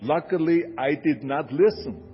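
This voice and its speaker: A man's voice: a little high, a little slow. An older man from Austria with an Austrian German accent gives an emphatic motivational speech and repeats lines for effect. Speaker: motivational speaker. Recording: dull lo-fi speech over music. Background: music bed.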